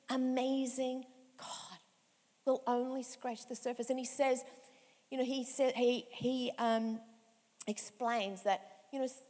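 A woman's voice: fairly high pitch, a little mellow. A woman in her fifties, a pastor giving a conversational sermon with emphatic repetition, in a reverberant hall. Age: 50s. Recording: echoey hall with long reverb.

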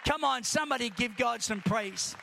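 A man preaching a sermon as pastor, impassioned and building to shouts as he reads scripture in long rhythmic lists. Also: very high-pitched, normal speed, gravelly, a crowd in the background, background noise. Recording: long reverb of a large hall.

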